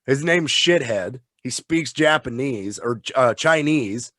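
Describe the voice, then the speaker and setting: A man co-hosting a casual chat who talks in an excited, rambling, profane way and sounds tipsy. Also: medium pitch, takes it slowly, no echo, clean studio sound. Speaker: podcast co-host.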